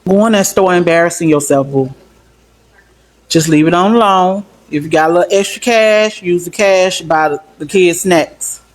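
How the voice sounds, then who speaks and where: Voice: mid-range voice, moderate pace, rough recording. A person giving a blunt, scolding warning in a casual phone video.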